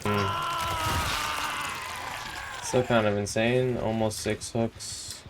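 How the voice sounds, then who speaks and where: A man's voice: on the low side, little pitch movement, extremely slow, loud music behind the voice, low-quality recording. Young man's reactive gaming commentary. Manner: reactive, incredulous, frustrated outbursts. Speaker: gaming streamer. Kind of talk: live gameplay commentary.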